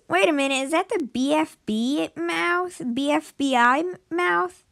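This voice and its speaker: A woman playfully narrating a game role-play, excitable and breaking into sudden shouted outbursts. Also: high-pitched, a little slow, gravelly, heavy background noise. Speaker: gameplay narrator.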